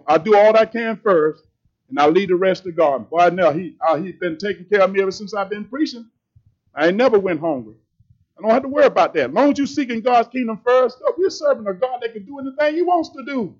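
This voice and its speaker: A man preaches, his voice pitched high. He talks plainly and conversationally but presses his points hard. The recording sounds slightly dull and lo-fi. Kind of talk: sermon.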